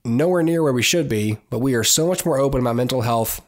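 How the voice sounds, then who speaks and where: A man's voice: mid-range voice, fast talker. Man, podcast host, solo commentary, casual and rambling, blunt opinions, lots of ums and restarts. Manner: rambling, many fillers and restarts.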